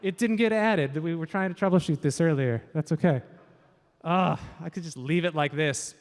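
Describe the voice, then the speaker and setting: A man from Washington state with a fairly high voice and moderate pace hosts a live stage quiz in a large event hall. Upbeat and chatty, he tosses in joking asides over a stage microphone, and the sound reverberates through the hall.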